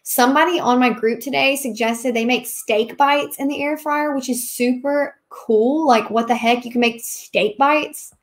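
A woman's voice: high-pitched, unhurried, hardly any pauses. A woman, chatting casually while hosting a live question-and-answer stream and laughing often. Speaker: livestream host, craft seller.

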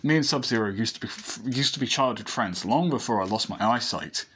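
A laid-back blind teenage boy, as a man reading a fan story puts him on, rambling and correcting himself in a relaxed, husky voice. It sounds like the reader's own everyday speech. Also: mid-range voice, brisk. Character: blind teenage boy, easygoing, fond of his friend.

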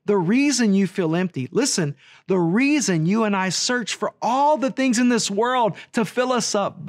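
A man who leads a ministry, giving an earnest gospel message straight to the viewer and repeating key phrases for emphasis. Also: high-pitched. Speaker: ministry leader.

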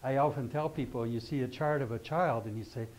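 A man's voice: mid-range voice, a little fast, darkish tone, slight background noise, poor audio. Older man teaching astrology, chatty. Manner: conversational, keeps checking in with "okay?"; rambling asides and restarts. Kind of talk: informal classroom lecture.

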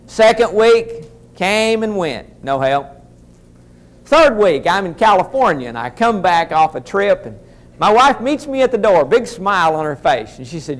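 A man's voice: sits high, very animated, a little slow. A man telling a humorous story in a keynote speech, talking to his audience in a folksy way. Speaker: motivational speaker.

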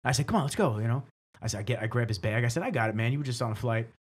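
A man hosting a casual podcast who talks quickly and tumbles through his stories. He acts out what other people said with plenty of energy. His voice sits at an ordinary middle pitch. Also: breathy edge. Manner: animated storyteller who acts out quoted voices. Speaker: podcast host.

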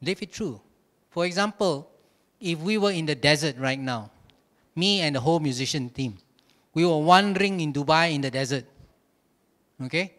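A man preaching a sermon at a church service, telling his points as animated, humorous stories. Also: fairly high pitch, normal speed, pauses often. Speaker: pastor.

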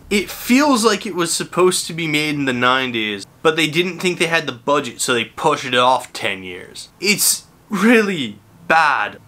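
A man's voice: a little high, pushed and bright. A man giving a casual, ranting movie review, exasperated and sarcastic, swearing freely. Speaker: film reviewer.

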